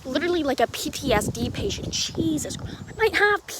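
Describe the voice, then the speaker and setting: A young woman hosting her own podcast, telling a story casually, rambling and swearing, with many restarts, swinging between loud and hushed. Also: high-pitched, fast, noisy background. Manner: lively, jumping from loud to hushed. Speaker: podcast host.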